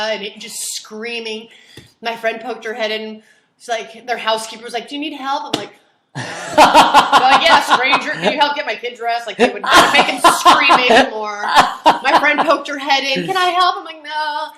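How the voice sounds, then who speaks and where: A woman co-hosting a talk show, telling a personal story in a casual way and acting out the people in it with big swings in pitch and volume. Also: roomy sound, heavy background noise. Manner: animated, acts out quotes with sharp jumps in pitch and volume. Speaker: podcast co-host.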